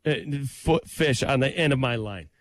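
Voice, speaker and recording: Brief: excitable male co-host, lively up-and-down delivery, dry close sound. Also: medium pitch, moderate pace, no echo. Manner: animated, excitable storytelling. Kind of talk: casual chat.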